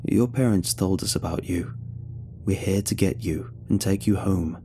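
A man voicing a terse, laconic man who speaks quietly and warmly in a story. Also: deep voice, steady tone, normal speed, slight background noise. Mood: gentle. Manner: short, quiet, warm when coaxing.

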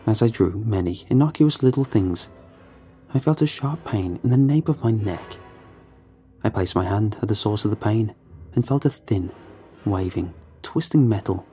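A man tells a first-person horror story, calm and measured throughout. His voice is low and mellow with a husky grain. Faint music runs under him.

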